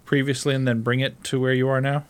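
A man's voice: mid-range voice, flat delivery, quick pace, clear, resonant tone. A man in casual podcast chat who jokes and riffs on what others say. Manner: joking, riffs on others' lines. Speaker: podcast co-host.

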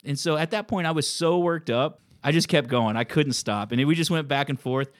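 A man's voice: fairly high pitch, a little fast, dry recording, clean studio sound. A man telling stories from his land-buying business in a casual conversation. He acts out phone calls as he tells them. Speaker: land investor guest.

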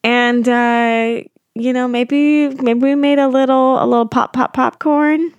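A woman's voice: sits high, steady tone, measured pace, smooth, no room sound, highs cut off. A young woman co-hosting a podcast in casual chat, playful and giggly, often breaking into silly voices. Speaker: podcast co-host.

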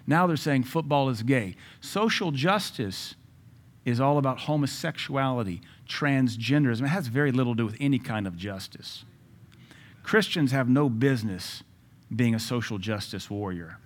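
A man preaching a sermon in an emphatic, conversational way, with asides to his listeners and sudden loud rises. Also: mid-range voice, lively intonation, moderate pace. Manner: jokes and asides to the audience.

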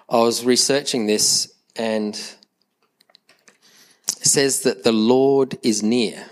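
A man with a fairly low voice preaching a sermon at a church service. He talks in a conversational way and often repeats words as he restarts a thought. He mixes in light humor with the congregation. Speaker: pastor.

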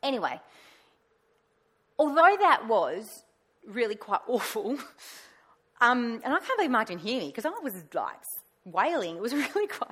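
A woman giving a personal faith testimony, animated, acting out her own past words in a raised voice. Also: mid-range voice, brisk. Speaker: pastor's wife sharing testimony.

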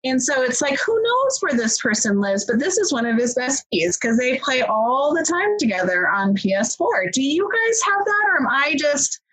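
A woman's voice: high voice, sing-song, normal speed, hardly any pauses, a bit bright, husky, poor audio. A woman co-hosting a casual parenting chat, talking in a rambling way with many fillers. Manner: chatty, rambling, lots of fillers. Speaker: podcast co-host, parent.

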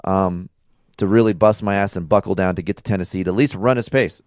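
Low-voiced male podcast co-host, loose and profane, dry close mic. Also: quick pace, no echo. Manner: rambling, profane, animated storytelling. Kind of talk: casual chat.

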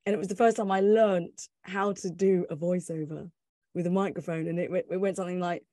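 Lively woman telling a story. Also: mid-range voice, a little fast, dry recording, clean studio sound. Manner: lively storytelling with laughs and acted-out quotes. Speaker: former radio reporter telling a story. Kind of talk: animated personal anecdote.

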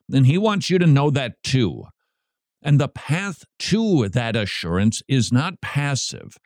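A male Christian radio host with a lively, swinging delivery who fires off emphatic rhetorical questions. He slips in wry asides between his points. His voice sits close and dry on the mic. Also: mid-range voice, no room sound. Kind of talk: preaching talk show segment.

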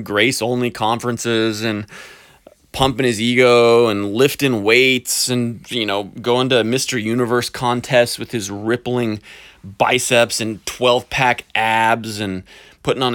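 A man delivering a sarcastic, animated ranting commentary, stretching words for emphasis and mocking with hyperbole. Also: medium pitch. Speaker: podcast commentator.

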